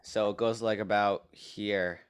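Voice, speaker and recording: A man's voice: on the low side, fairly even intonation, measured pace, a crowd in the background. A young man co-hosting a casual podcast, upbeat and teasing. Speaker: podcast co-host. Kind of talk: casual chat.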